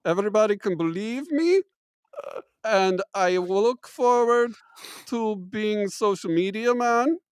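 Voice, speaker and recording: A man's voice: high voice, expressive, clear, resonant tone, no echo, studio quality. A man putting on a bumbling fake German professor. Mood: mock serious. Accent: put-on German accent, slipping into Irish. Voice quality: hesitant, halting, broken English. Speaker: show host in disguise.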